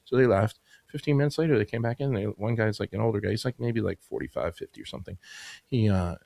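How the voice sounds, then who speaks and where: A man in his fifties with a low, gravelly voice tells a story at a quick clip. He is a podcast guest, rambling and casual, filling gaps with "you know" and "like." The sound is dry and close. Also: lively intonation, a little mellow, no echo. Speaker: podcast guest, business owner.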